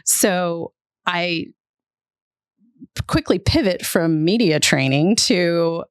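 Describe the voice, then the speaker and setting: A woman's voice: fairly low pitch, animated, very slow, clear, resonant tone, no echo. A middle-aged woman, a public relations executive, vividly telling a story as a podcast guest.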